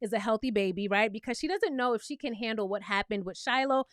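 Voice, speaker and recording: Brooklyn woman with a New York accent, high-pitched and sassy, chatty reality-show recapper recorded dry and close. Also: fast talker, dry recording. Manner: sassy, chatty, often asks the viewer "okay?".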